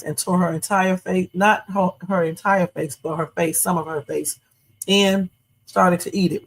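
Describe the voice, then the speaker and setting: Chatty woman hosting a livestream, gravelly. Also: fairly low pitch. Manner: chatty, addresses viewers as y'all. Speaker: livestream host. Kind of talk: casual livestream commentary. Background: faint music.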